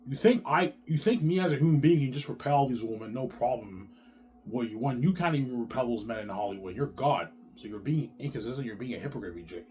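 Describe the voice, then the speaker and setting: A man rambles through a solo monologue, circling back over the same phrases and peppering them with swearing. His voice sits at a middling pitch, with faint noise in the background. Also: lively intonation, fast talker, mellow. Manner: rambling, repetitive, profane, slangy. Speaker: vlogger.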